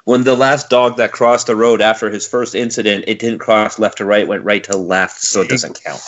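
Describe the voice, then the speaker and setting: A man co-hosts a casual podcast and tells a long, profane story with exasperated energy. His voice sits at a middle pitch and has a slightly dull, muffled sound. He talks loosely and laughs through his own stories. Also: steady tone, moderate pace, fairly bright tone. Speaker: podcast co-host.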